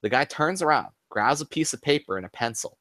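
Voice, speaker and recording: Animated male storyteller, dry sound. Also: mid-range voice, a little fast, no room sound. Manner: animated storyteller who keeps adding "right?". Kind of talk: casual chat.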